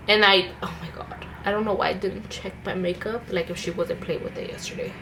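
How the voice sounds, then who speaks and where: A woman's voice: mid-range voice, moderate pace, background noise. A young woman, a stay-at-home mom, chatting in a rambling way with many fillers and restarts while she does her makeup at home. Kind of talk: casual get-ready-with-me chat. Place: at home, indoors.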